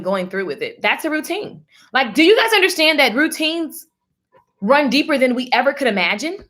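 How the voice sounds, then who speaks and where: A woman's voice: sits high, sharp tone. A woman hosting a motivational live stream, talking animatedly and in a preachy tone, calling her viewers darling. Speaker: livestream host.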